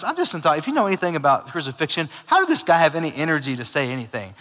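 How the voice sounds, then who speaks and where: Male pastor, bright forceful voice, casual animated sermon, hall reverb. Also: a little high, fast. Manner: casual, animated preaching with asides and laughs.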